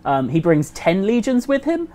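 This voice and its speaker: A man telling a history story casually on a game developer livestream, animated and acting out the quotes. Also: high-pitched, moderate pace. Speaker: community host.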